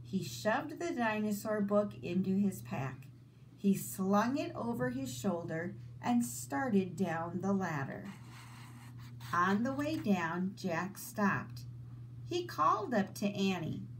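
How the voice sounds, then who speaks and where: Teacher lady reading a kids book out loud, slow, lots of ups and downs in her voice. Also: medium pitch, slight background noise, rough recording. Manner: slow, expressive storytelling. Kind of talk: reading a children's book aloud.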